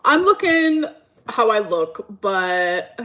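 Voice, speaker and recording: A woman's voice: mid-range voice, very animated, takes it slowly, pushed and bright. A woman streaming from home, chatting casually and rambling through a story time while answering her chat.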